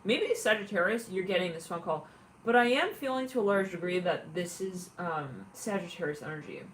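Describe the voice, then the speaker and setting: A woman's voice: on the low side, animated, moderate pace, a little hiss or hum. Giggly, chatty tarot-reading woman. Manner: chatty, giggly, acts out quoted callers. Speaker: tarot reader.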